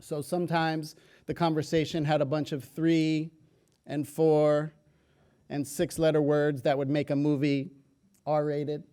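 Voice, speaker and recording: A man's voice: a little high, flat delivery, normal speed, darkish tone, clean tone. A man giving a talk on stage, telling stories with humorous asides. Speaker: speaker. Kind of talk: public health talk.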